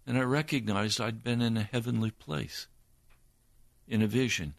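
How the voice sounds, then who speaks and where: An older man, a preacher, giving an earnest personal testimony in a slow storytelling manner. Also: medium pitch, gravelly, no echo.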